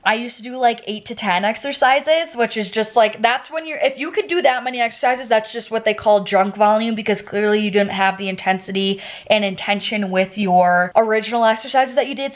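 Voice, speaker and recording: A young woman who is a personal trainer, explaining workouts to camera in an upbeat, chatty vlog style with lots of casual fillers. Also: a little high. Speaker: fitness vlogger and certified personal trainer.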